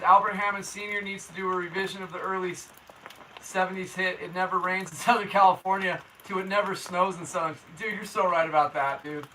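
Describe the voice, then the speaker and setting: A man's voice: sits high, pushed and bright, far from the mic, a little hiss or hum, low-quality recording. Laid-back, slangy man chatting on a livestream. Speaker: local weather livestream host. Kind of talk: casual livestream chat reading comments. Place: indoors at home.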